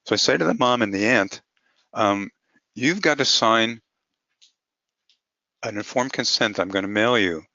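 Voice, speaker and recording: A male physician gives a webinar lecture on cannabis medicine, walking plainly through clinical cases step by step. His voice is low-leaning, creaky, bright, and forceful, and a little fast. The lo-fi webinar audio is muffled but has no echo.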